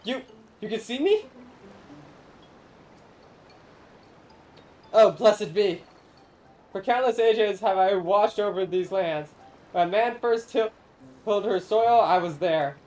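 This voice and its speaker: A woman's voice: mid-range voice, a little slow, darkish tone, lightly acted, rough recording. Brief: woman reading as an ageless corn spirit for a game stream, solemn and archaic, grand and sorrowful. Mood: mournful. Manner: archaic, solemn, theatrical speech.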